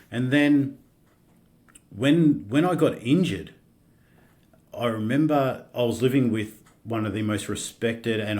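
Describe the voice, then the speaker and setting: With a fairly low pitch, this middle-aged man with an Australian accent appears as a podcast guest. He shares his own story openly, stopping and starting frequently and dropping casual swears.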